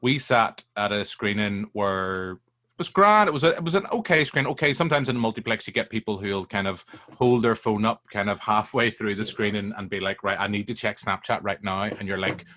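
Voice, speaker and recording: A man, telling stories as a guest in a casual film chat, animated and sweary. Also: lowish voice, brisk.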